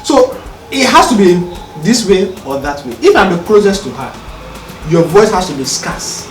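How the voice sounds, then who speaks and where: A man, a podcast co-host talking calmly and earnestly, often checking whether he is understood. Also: high voice, normal speed. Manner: calm, earnest, explaining with rhetorical checks. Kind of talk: casual conversation. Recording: roomy, distant mic, faint music.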